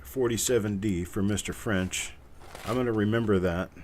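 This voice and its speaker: A man's voice: fairly low pitch, moderate pace, darkish tone, a little hiss or hum. A man hosting a live coin giveaway stream, chatting casually in an upbeat, joking way as he calls out viewers' names. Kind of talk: casual livestream chat.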